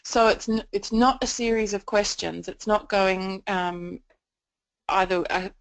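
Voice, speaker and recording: A woman's voice: mid-range voice, steady tone, measured pace, rough recording. A woman giving a training presentation on communication support, explaining her points at length with frequent "um" fillers.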